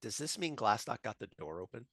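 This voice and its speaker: A man's voice: medium pitch, sing-song, a little fast, crowd noise. A man playing a tabletop game who keeps asking about the rules and how his character's moves work. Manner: questioning, laughs often. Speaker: player.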